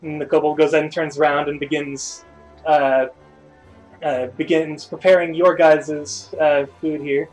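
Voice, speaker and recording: A man narrating a tabletop game as game master, pausing often and circling back as he describes the scene. His voice sits a little high. Faint music plays underneath. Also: level tone, poor audio. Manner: rambling, full of uhs and restarts.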